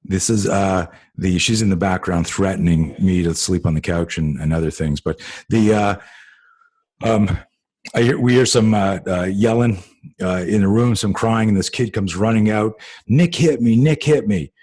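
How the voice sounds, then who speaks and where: A man hosting a self-defense talk show, telling a long story in a lively way and acting out the people he quotes. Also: low-pitched, moderate pace. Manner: animated, acts out quoted voices, many fillers. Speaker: host and self-defense coach. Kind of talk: conversational storytelling.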